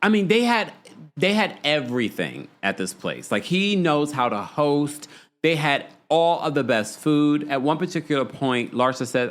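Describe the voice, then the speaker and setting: Animated gossipy man hosting a recap. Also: fairly high pitch, normal speed. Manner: animated, gossipy, mimics people in quotes. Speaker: podcast host. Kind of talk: live recap chat reading viewer comments.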